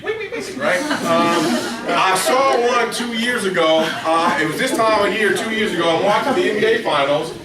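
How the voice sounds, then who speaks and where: A middle-aged man presenting a workplace training seminar to a live room, telling stories and asking the audience questions. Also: recorded from a distance. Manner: storytelling, asks the audience questions, acts out quotes in a high excited voice. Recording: echoey room, speaker away from the mic.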